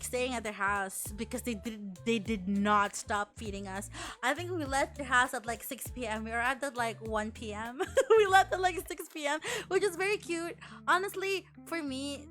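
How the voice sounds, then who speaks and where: A woman's voice: fairly high pitch, fairly bright tone. A young woman from the Philippines, chatting and swearing casually as a streamer. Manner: chatty, swears a lot, restarts and acts out quotes. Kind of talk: casual chat.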